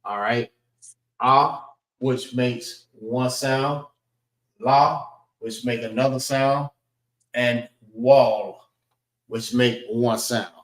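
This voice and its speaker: A man teaching a class, slowly sounding out letters and checking in with the group as he goes. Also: medium pitch, steady tone, distant mic. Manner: slow and deliberate, sounding out letters, frequent "all right" checks. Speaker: class instructor. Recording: roomy echo.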